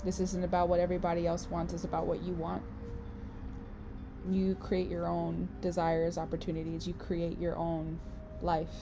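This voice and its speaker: A woman's voice: lowish voice, monotone, normal speed, vocal fry, background noise. A woman giving a passionate, emotional motivational talk, holding back tears and swearing for emphasis. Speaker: vlogger and tour organizer.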